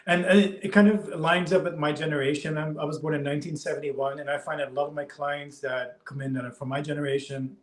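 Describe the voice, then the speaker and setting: A man in his fifties, a hypnotist guest in a casual interview chat, speaking in a relaxed way. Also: on the high side, fast talker, hardly any pauses. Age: 50s. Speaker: past life regression hypnotist guest. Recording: echoey room.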